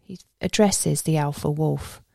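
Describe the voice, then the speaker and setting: A woman narrates a first-person adventure story in a steady, measured way. Her voice is low and mellow with a gravelly texture. The recording is close and dry. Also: dry recording. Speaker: audiobook narrator.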